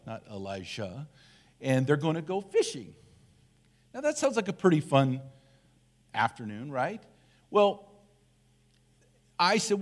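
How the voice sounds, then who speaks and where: A middle-aged man, a church elder, preaching a casual, humorous sermon full of animated asides and self-deprecating jokes. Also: fairly high pitch.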